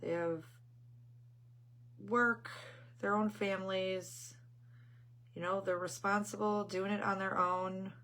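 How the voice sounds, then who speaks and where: A woman's voice: medium pitch, steady tone, slow pace, long pauses, a bit bright. A middle-aged woman hosting a craft channel, chatting casually on a live stream and telling rambling family stories. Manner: greets viewers mid-story.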